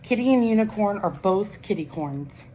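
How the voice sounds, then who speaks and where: A woman reading a children's picture book aloud in a gentle, unhurried way. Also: medium pitch, expressive, dull audio, slight background noise. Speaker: storybook reader.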